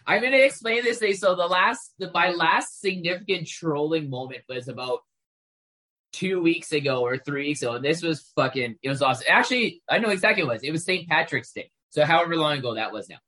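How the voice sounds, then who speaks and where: Podcast host, male, from Canada, husky voice, swears freely, lively storyteller. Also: on the high side, brisk, low-quality recording. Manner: profane, animated storytelling. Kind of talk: casual podcast chat.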